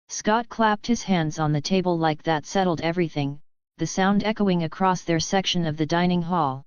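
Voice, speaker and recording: A woman narrates an audiobook in a steady, even reading. Her voice is low and smooth. The recording is dry and a little dull. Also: normal speed, no echo. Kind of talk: scripted narration.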